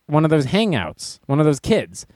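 A man's voice: fairly high pitch, very animated, moderate pace, a little mellow, no room sound, studio quality. A man hosting a talk show, joking through news items and stories and laughing often. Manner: playful, laughs often, reads news items aloud with wisecracks. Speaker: radio show host.

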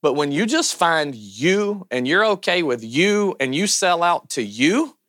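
A man with a Southern American accent preaching a sermon as a pastor, loud, animated and self-deprecating. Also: a little high, a little slow, dry recording, clean studio sound.

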